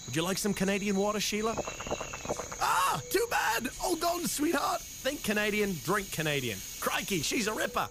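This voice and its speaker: Boisterous Australian adventurer, high swooping voice, swamp insect sounds behind. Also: male voice, sing-song, normal speed, background noise. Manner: boisterous, showy, swoops between tones. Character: brash reckless male wildlife adventurer. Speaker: ad character. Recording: swamp ambience sound effects.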